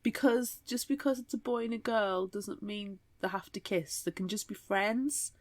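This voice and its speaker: A woman co-hosting a podcast, chatting casually about books and giving measured, thoughtful opinions. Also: mid-range voice, no room sound. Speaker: podcast co-host. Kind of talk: casual book-club chat.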